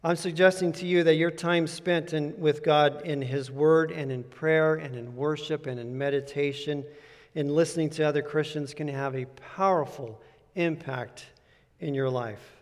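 Man, pastor, sermon, earnest conversational preaching, emphatic repetition, fairly high voice, long hall reverb. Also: steady tone, moderate pace.

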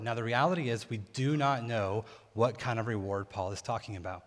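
A man's voice: medium pitch, fairly quick, few pauses. A young adult man preaching a sermon in a casual, conversational teaching manner. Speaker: pastor. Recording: long hall reverb.

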